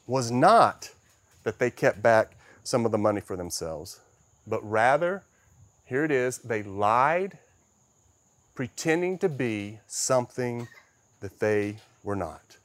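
A middle-aged pastor with a medium-pitched voice preaches emphatically, moving between loud stresses and soft, quiet passages. There's no echo.

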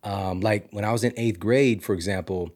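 Man, podcast host, from missouri, lowish voice, lively storytelling, drops to a hush then gets loud. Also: normal speed. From Missouri, USA. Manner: animated, dramatic swings from loud to hushed. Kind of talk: casual storytelling.

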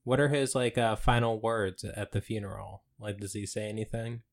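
A man's voice: lowish voice, steady tone, moderate pace. A man co-hosting a comedy podcast who rambles and hesitates, heavy on fillers. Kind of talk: improvised comedy chat.

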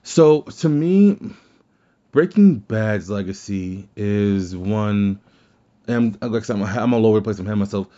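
A man's voice: lowish voice, lively intonation, moderate pace, mellow, highs cut off. A man hosting his own show, talking through his thoughts in a rambling way and often restarting his sentences. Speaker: podcast host. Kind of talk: casual solo commentary.

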